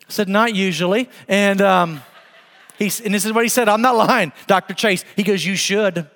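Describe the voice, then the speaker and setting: A pastor in his forties, whose voice sits high and a bit bright, delivers a sermon at a moderate pace, telling a story with emphasis and the occasional laugh. The recording carries a long hall reverb.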